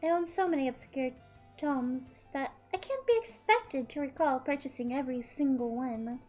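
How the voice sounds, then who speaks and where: A woman voicing a smug, psychopathic young woman from a visual novel, reading in a cold, smirking, low and quiet voice. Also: normal speed, faint music behind, natural voice. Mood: smug, gloating.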